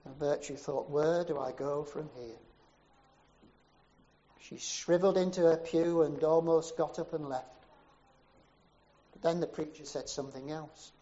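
A man preaching a sermon as a story, with rhythmic repetition that swells to emphatic peaks and sinks low again. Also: steady tone, measured pace, pauses often, mellow. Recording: dull, muffled sermon recording.

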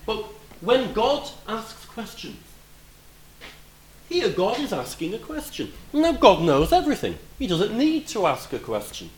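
A man preaching a sermon in a roomy, echoing space. His voice sits a little high and swings widely in pitch, rising loud for emphasis and then dropping to quiet asides. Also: wildly swooping pitch, unhurried.

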